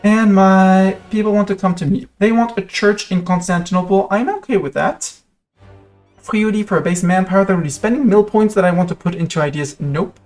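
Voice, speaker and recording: Streamer, French accent, mid pitch, loose chatty play-by-play over faint music. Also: brisk, darkish tone. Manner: chatty, rambling, talks to chat and to the game. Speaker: game streamer. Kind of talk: live gameplay commentary.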